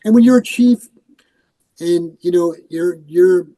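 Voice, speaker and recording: Keeping a measured pace in a high-pitched voice, the older New York man who retired as a police commander tells casual interview stories. He is animated, voicing the people he quotes, and the recording is rough.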